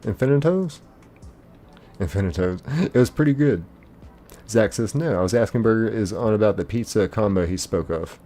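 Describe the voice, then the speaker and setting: A young man with a lowish voice talks a little fast while hosting a live game stream. He's easygoing and chatty, reading viewer comments aloud and giving people a warm greeting by name.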